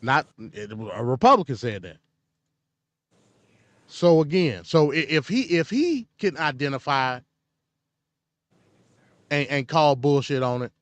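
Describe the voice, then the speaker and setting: A man's voice: on the high side, no echo, dull audio. Blunt man hosting a dry-sounding livestream. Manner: blunt, opinionated. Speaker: host. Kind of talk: casual political commentary.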